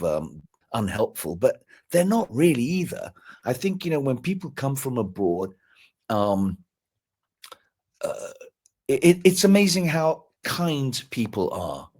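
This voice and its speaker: Husky, animated motivational man. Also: medium pitch. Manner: earnest, motivational, repeats words when excited. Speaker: guest speaker. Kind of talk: live stream conversation.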